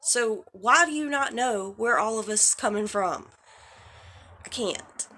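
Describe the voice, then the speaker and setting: A woman's voice: a little high, lively intonation, a little slow, pushed and bright, slight background noise. Heated woman ranting on a vlog. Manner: heated, exasperated, swearing, talks straight at the person. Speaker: drama commentary vlogger. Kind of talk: casual commentary rant.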